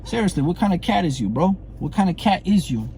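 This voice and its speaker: Heated man, mellow tone. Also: high-pitched, sing-song, fast talker, slight background noise. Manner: heated, blunt, profane, repeats phrases and asks "you know what I'm saying". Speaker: former prison inmate calling out a comedian. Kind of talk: confrontational monologue to camera.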